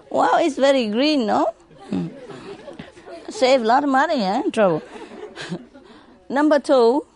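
Slow, playful woman telling jokes. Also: fairly high pitch, a little mellow. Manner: playful, laughs between lines, teases listeners with questions. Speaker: spiritual teacher. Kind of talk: telling jokes to a live audience.

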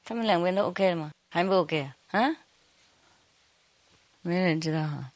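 A woman's voice: on the low side, normal speed, no echo. A woman teacher giving an informal talk to a retreat audience, teasing them playfully with frequent laughter and switching between English and Chinese.

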